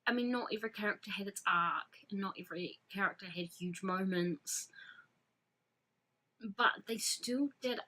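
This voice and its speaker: A woman's voice: medium pitch, moderate pace, sharp tone, low-quality recording. A woman vlogger chatting casually and effusively as a fan, rambling with frequent fillers and restarts. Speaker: fan vlogger reviewing a film. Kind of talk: casual chat.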